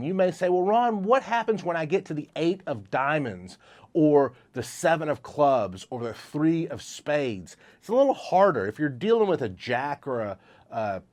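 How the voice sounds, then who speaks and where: A man's voice: mid-range voice, a little mellow. Upbeat man teaching a memory technique. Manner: upbeat, walks through examples step by step. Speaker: memory trainer. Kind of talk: instructional explainer.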